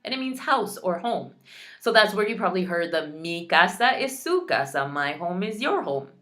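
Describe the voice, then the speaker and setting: A woman with a low, deep-set voice teaches vocabulary in an online lesson. She sounds out each word slowly and patiently explains how to say it. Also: big pitch swings, a bit bright. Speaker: Spanish teacher.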